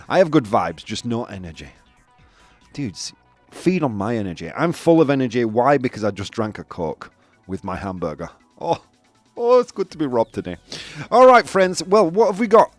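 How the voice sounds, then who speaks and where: A man's voice: medium pitch, no echo. A man hosting a live stream, chatting casually with his audience, reading their messages and poking fun at himself. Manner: chatty, self-mocking, reads out chat messages. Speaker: live-stream show host.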